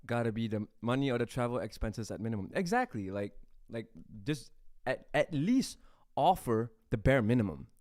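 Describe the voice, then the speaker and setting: A man's voice: medium pitch, expressive, moderate pace, few pauses, a little mellow, no echo, clean studio sound. A man streaming live as a beatboxer, chatting casually with his viewers, laughing often and repeating words as he rambles. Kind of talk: casual livestream chat answering comments.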